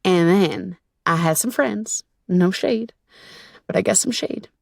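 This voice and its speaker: A woman's voice: mid-range voice, slow, gravelly, no room sound. Female podcast host, casual and frank with frequent swearing, mid-range voice, dry close sound. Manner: candid, profane, conversational with frequent fillers. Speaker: podcast host and self-love coach. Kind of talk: casual storytelling monologue.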